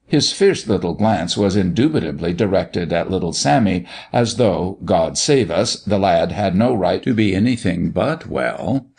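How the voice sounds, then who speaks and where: Expressive low-voiced male storyteller. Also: measured pace, gravelly, hardly any pauses, slightly rough. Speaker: narrator. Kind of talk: scripted narration of a story.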